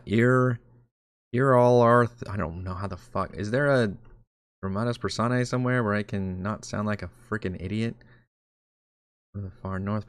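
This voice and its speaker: A man's voice: lowish voice, clean tone, dry recording, clean studio sound. A man preparing his tabletop game on a live stream, talking casually, rambling and correcting himself. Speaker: dungeon master.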